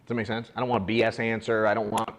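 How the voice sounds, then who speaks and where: Blunt male agency boss coaching his team, low voice, frank. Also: level tone, very fast, big-room sound. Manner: blunt, frank, casual swearing. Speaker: agency owner training agents. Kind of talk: casual coaching talk to a room. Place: office meeting room.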